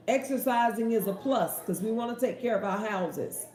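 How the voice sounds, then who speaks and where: A woman's voice: fairly high pitch, lively intonation, normal speed, few pauses, warm tone. A woman hosting a casual question-and-answer talk, with an emphatic, preachy, folksy way of speaking. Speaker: host. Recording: echoey room.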